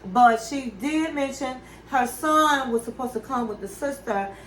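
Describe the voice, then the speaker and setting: A woman's voice: high voice, unhurried, echoey room, slight background noise, rough recording. A woman hosting a casual reality-TV recap, telling the story in a chatty, gossipy way with side comments. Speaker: recap show host.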